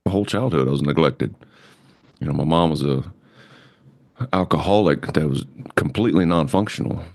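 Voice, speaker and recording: Very deep-voiced man, candid podcast talk. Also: moderate pace, darkish tone, dry recording. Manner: candid, swears, speaks of personal hurt. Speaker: podcast host. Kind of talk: casual podcast conversation.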